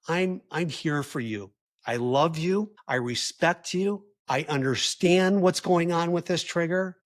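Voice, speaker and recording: Man, sincere advice talk, gentle, somewhat high voice, repeats words for emphasis. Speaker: husband of a trauma survivor giving advice to partners. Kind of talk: earnest personal advice talk.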